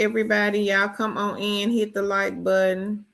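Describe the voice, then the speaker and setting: A woman's voice: mid-range voice, level tone, moderate pace, gravelly, a bit bright. A woman hosting a casual livestream, greeting viewers and reading their comments aloud. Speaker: livestream host reading chat. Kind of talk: casual live-stream chat.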